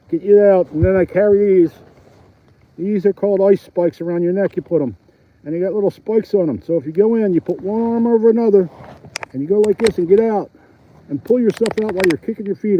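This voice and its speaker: Chatty high-voiced man from Philadelphia. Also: no room sound. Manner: chatty, talks straight to viewers, laughs often. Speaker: fishing livestreamer. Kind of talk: casual livestream chat while ice fishing. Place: outdoors on a frozen lake, windy. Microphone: phone mounted on his chest. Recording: dull, slightly lo-fi phone audio.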